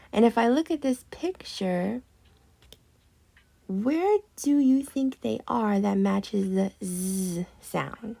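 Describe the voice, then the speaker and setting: Slow, gravelly-voiced reading teacher woman. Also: on the high side, darkish tone. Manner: slow, patient, drawn-out modeling of words. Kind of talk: guided reading lesson for young children.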